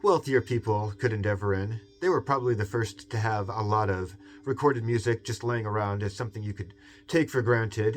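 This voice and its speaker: A man with a Seattle accent hosting a video essay in a rambling, digressive monologue full of fillers, musing aloud. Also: fairly low pitch. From US West Coast.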